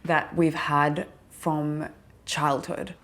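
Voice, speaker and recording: Low-voiced, earnest young woman. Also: flat delivery, drawn-out words, fairly bright tone. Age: young adult. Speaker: interviewee. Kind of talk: candid testimonial.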